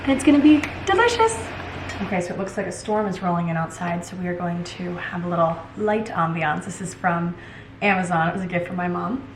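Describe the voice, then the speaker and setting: This time the kitchen vlog voice sits on the low side, fairly even in intonation and brisk. The young woman stays bubbly and chatty, joking while she cooks for her casual vlog, though the recording is reverberant, distant and noisy.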